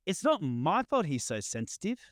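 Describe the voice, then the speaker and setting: A woman's voice: low voice, big pitch swings, moderate pace, no echo, clean studio sound. A man reading aloud the lines of a condescending middle-aged woman relative, in a slightly raised, read-aloud delivery. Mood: snide.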